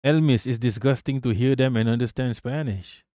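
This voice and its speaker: A man's voice: mid-range voice, moderate pace, dark tone, no room sound, studio quality. A man commenting on a video clip during a live stream, blunt and profane, often repeating himself when worked up.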